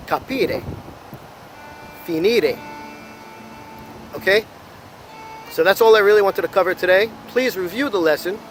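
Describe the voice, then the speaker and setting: An American man teaching an Italian lesson, slowly and carefully sounding out each verb form for learners. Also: high voice, a bit bright, poor audio. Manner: slow, careful modeling of Italian words. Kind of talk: language lesson.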